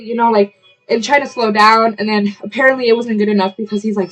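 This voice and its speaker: A woman's voice: medium pitch, fairly even intonation, a bit bright, soft background music. A young woman telling a story while getting ready at home, rambling with lots of "like" and breaking off to apologize. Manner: rambling, heavy use of "like", self-interrupting; quick to apologize, chatty asides to camera. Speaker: vlogger.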